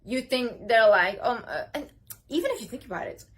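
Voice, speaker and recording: A woman's voice: on the high side, expressive, brisk, slightly rough. A young woman giving a casual, emphatic motivational talk to camera, gesturing as she speaks. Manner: emphatic, talks with hand gestures.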